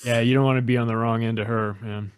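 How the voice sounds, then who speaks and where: A man hosting a podcast in casual chat, talking quickly and often cutting in. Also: mid-range voice, flat delivery, smooth, no echo, studio quality. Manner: quick, interjecting, loose. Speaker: podcast host.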